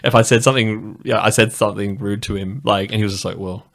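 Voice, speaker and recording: Man, low voice, casual co-host, rambling storyteller who livens up on anecdotes. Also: quick pace. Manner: rambling storyteller, animated when recounting anecdotes. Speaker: podcast co-host. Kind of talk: casual chat.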